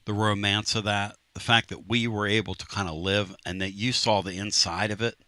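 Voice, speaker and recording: A man hosting a sports talk radio show, telling animated stories in a brash, lively way. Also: fairly low pitch, normal speed, no echo. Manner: animated storyteller, does mock voices, brash.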